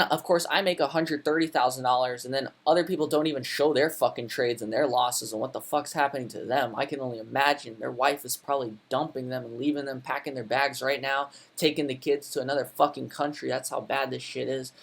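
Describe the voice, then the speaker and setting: A man's voice: mid-range voice, fairly quick, vocal fry, few pauses. A young man brashly commenting on his trading plan to his viewers, profane and frustrated, calling them guys and bro. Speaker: crypto trading video host. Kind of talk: casual market commentary to camera.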